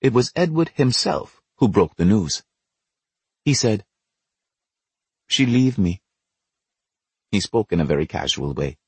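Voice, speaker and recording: A man narrating an audiobook in a measured storytelling way. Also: lowish voice, big pitch swings, husky, no echo.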